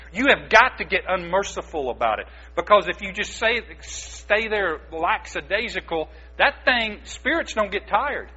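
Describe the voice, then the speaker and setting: A male pastor delivers an emphatic, exhorting sermon in a somewhat high, forceful voice. His tone is bright with a husky edge. The recording is dull and lo-fi, with a mains hum underneath.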